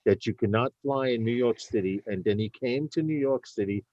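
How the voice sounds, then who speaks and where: A man's voice: mid-range voice, fairly quick, darkish tone, dry recording, lo-fi sound. A man co-hosting a casual live talk show, telling stories in a chatty way. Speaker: co-host.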